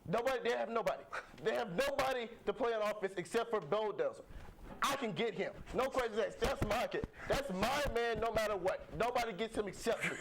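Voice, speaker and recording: A man's voice: high voice, a little fast. A man playing an angry senior college football player who rallies his team in a blustering, repetitive way. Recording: noticeable background noise.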